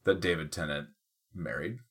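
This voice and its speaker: A man's voice: very deep voice, moderate pace, slightly rough. A man in his thirties, co-hosting a casual podcast, a bit drunk, crude and joking with frequent swearing. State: tipsy. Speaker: podcast co-host.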